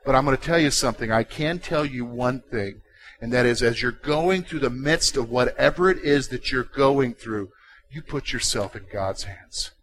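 A pastor preaching a sermon, swinging from quiet, intimate passages to loud, emphatic ones. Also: male voice, mid-range voice, expressive, moderate pace, poor audio.

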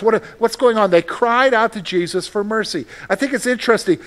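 Brisk and high-voiced, a male pastor delivers his sermon conversationally, repeating phrases and posing questions to those gathered.

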